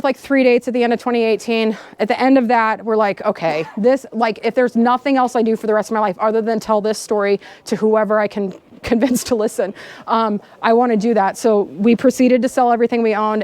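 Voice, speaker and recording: A woman in her thirties giving a storytelling keynote speech, animated, laughing often and acting out the people in her story. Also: fairly high pitch, brisk. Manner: animated, laughing, acts out dialogue. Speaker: keynote speaker. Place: outdoor camp gathering.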